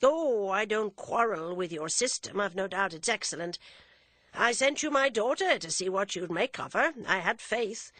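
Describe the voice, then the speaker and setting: Urbane, teasing middle-aged gentleman, as a woman reads him, dry and ironic. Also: mid-range voice, animated, moderate pace, no room sound.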